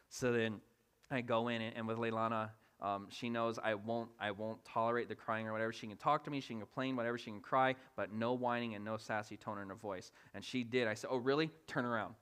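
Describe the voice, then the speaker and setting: Preacher in his thirties, animated storyteller, bright and forceful voice. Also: fairly low pitch, clean tone. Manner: animated, laughing, acts out voices of his family. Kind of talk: storytelling sermon. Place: church sanctuary.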